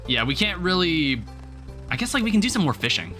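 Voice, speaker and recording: Young guy streaming a game, super bright voice, bouncy, rambles a lot with lots of "like", soft game music behind. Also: high-pitched, big pitch swings, a little fast. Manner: rambling, filler-heavy, thinking aloud, reads chat aloud. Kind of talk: casual live-stream chat while gaming. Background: faint game music.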